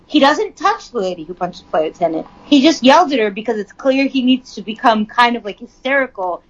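A woman's voice: fairly high pitch, animated, a little fast, lo-fi sound. A woman casually reading news aloud and riffing on it with frank, profane asides. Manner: chatty, profane, reads news then riffs on it. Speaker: commentator.

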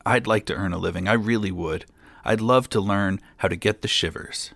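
Male reader as naive fearless farm boy, guileless and plain, gravelly, storybook. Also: on the low side, normal speed, a bit bright, no echo. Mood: earnest.

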